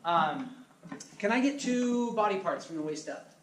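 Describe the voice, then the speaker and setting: A woman's voice: mid-range voice, lively intonation, a little slow, slight background noise. A woman leading an improv class show, upbeat and laughing often as she coaxes suggestions from the audience. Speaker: improv class instructor and host. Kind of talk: live improv show hosting. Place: theater stage before a live audience. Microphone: far room mic. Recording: echoey room, far from the mic, crowd.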